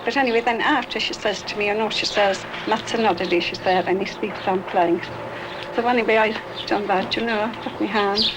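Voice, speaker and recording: Older woman, Dublin Irish accent, rambling chatty reminiscence, loud hiss of an old 1960s archive tape. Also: medium pitch, steady tone, moderate pace. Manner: chatty, acts out quoted dialogue. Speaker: neighbour recalling. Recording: noisy 1960s archive recording.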